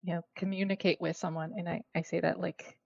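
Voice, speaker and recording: A young adult woman guest on a podcast, talking in a reflective, hesitant way with many fillers and soft laughs. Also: fairly low pitch, little pitch movement, fast talker, vocal fry, slightly rough, no echo. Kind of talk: casual conversation. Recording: dull lo-fi dry sound.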